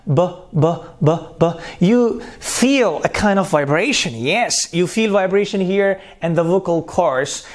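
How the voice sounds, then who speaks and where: A man teaching pronunciation, repeating terms and sounding out consonants one by one. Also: high-pitched. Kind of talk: slow spoken lesson.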